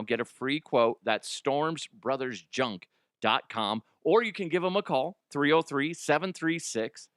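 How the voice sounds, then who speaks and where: A man's voice: medium pitch, fairly bright tone, no echo, clean studio sound. A man hosting a casual sports talk show, joking and self-mocking while reading a sponsor ad. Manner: joking, self-mocking, jumps into silly voices. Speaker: sports radio host.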